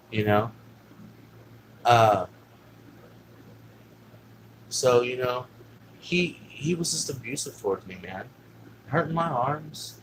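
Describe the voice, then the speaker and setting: This vlogger, a man with a medium-pitched, expressive voice, tells a long personal story slowly, pausing often and rambling casually. He swears constantly and leans heavily on fillers. The audio is poor, with a little hiss or hum.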